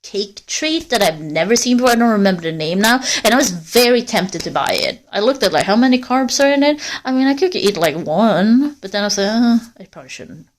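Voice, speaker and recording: A woman chats loosely with her viewers while walking outdoors through a forest, cold and rambling from one thought to the next. Her voice sits at an ordinary middle pitch and her language is casual and full of swearing. Her loudness rises and falls as she moves. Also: lively intonation, a little fast, few pauses. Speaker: livestreamer.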